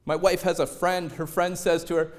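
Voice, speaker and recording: High-voiced man telling a story on stage. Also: normal speed. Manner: lively storyteller, acts out quotes in other voices. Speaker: motivational speaker.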